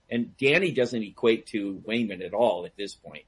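A man telling a long story in casual chat, animated and laughing, acting out the people he quotes. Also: fairly low pitch, moderate pace, few pauses, breathy edge. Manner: animated, acts out quoted voices, laughs a lot. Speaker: guest storyteller; DJ and karaoke host. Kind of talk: casual storytelling on a call-in talk show.

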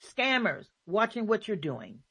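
A woman's voice: medium pitch, sing-song, unhurried, a bit bright, husky, dry recording. Emphatic woman host, dry close sound. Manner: emphatic, repeats points. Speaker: talk show host. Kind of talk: casual faith talk.

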